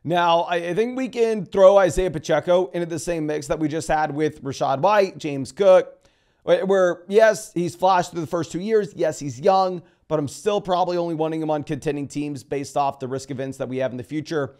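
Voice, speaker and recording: A man giving a casual solo breakdown of dynasty fantasy football, talking through trade advice with quick restarts. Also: a little high, a little mellow. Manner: fast, conversational, restarts sentences.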